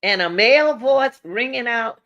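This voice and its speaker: The audio is dull, and her pace is unhurried as a woman gives informal true-crime commentary aimed straight at viewers. She leans on rhetorical questions and moves animatedly from high-pitched exclamations down to low asides.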